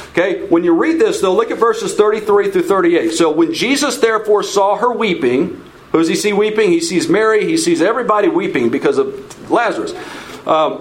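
A man's voice: high-pitched, rough recording. A man teaching a casual Bible study, talking informally, repeating himself, checking in with "okay?" and putting questions to the group. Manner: asks the audience questions.

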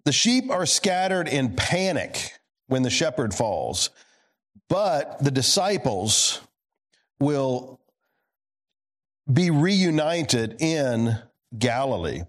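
A male pastor giving a sermon, swinging between emphatic lines and low quiet asides, putting questions to the congregation. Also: very animated, very slow, pauses often.

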